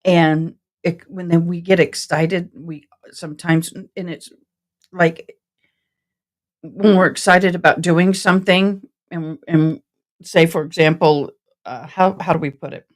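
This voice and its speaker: Slow-talking chatty woman streamer. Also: fairly low pitch, steady tone. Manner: chatty, rambling, reads out viewer comments; self-described passionate and direct. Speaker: trial commentary live-streamer. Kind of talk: casual live-stream chat.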